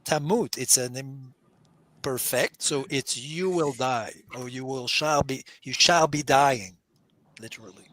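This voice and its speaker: A man in a casual discussion, explaining Hebrew scripture in an animated way with frequent restarts. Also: medium pitch, a little slow.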